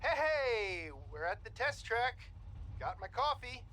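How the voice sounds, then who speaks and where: Easygoing driver buddy, bright voice. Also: male voice, very high-pitched, big pitch swings, takes it slowly, a little hiss or hum, heavily acted. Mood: laid-back. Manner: laid-back, chatty.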